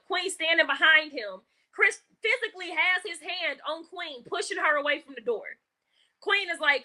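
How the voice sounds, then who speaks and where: A woman's voice: sits high, fairly quick, bright, forceful tone. A woman telling a story to camera in a blunt, heated way, acting out the people in it.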